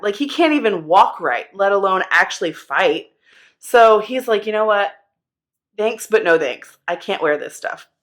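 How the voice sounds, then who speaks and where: A woman's voice: fairly high pitch, fairly bright tone. A young woman teaching children a Bible lesson in a casual, playful way, acting out the characters' lines.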